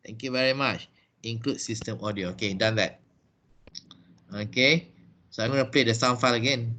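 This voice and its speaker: A man teaching English pronunciation in an online lesson, talking slowly and deliberately and repeating words. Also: mid-range voice, sharp tone.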